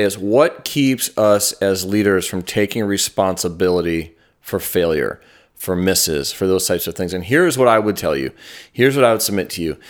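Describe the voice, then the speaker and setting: A man co-hosting a podcast, upbeat and playful, then reflective as he coaches listeners on leadership. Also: on the low side. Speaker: podcast co-host. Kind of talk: casual podcast chat.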